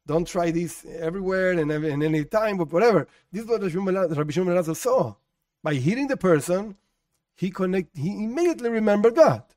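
A man teaching a religious lesson as an animated storyteller, with chatty asides, recorded dry from a little distance. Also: high voice, no room sound.

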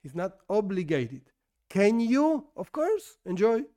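A man's voice: high-pitched, sing-song, slow pace, warm tone. A man whose first language is not English, teaching an informal Torah lesson in a conversational way that corrects itself as he goes and asks and answers his own questions.

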